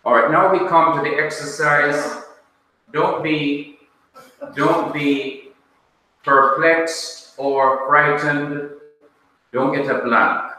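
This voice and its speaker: Slow, deliberate Jamaican teacher in echoey room. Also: male voice, fairly high pitch, steady tone, pushed and bright, slight background noise. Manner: slow, deliberate, checks students with questions. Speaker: Bible teacher. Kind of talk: classroom lecture. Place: classroom. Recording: echoey room, mic far off.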